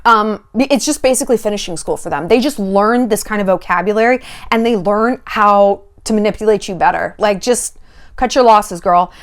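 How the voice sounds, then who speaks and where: This woman's dating-advice vlog is casual and sarcastic, full of energy, open profanity and acted-out quotes. Her voice is mid-range, delivered at normal speed.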